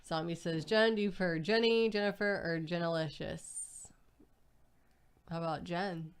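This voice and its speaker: A young adult woman with a smooth, clear voice set lower than most, reading viewer comments aloud on a casual livestream. She moves briskly from one comment to the next and adds quick remarks of her own. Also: steady tone. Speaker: co-host reading viewer chat. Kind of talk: casual live-stream chat.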